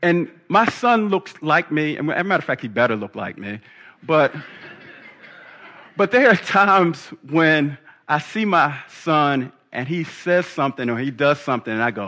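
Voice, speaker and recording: Bright-voiced preacher cracking jokes. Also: male voice, a little high, animated, moderate pace. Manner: humorous, conversational, laughing at his own jokes. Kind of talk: sermon.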